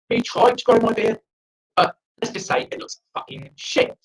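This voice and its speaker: Young South African-born comic over a video call, sweary ranting delivery, pitch leaping all over. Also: male voice, a bit bright, low-quality recording. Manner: profane, rambling, ranting. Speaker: stand-up comedian. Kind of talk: online open-mic stand-up. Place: friend's house, indoors.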